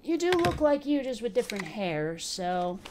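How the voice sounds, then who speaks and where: A woman's voice: a little high, sing-song, moderate pace, noisy background. A woman giving casual let's play commentary, bantering sassily with the characters on screen. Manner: playful, sassy banter with game characters.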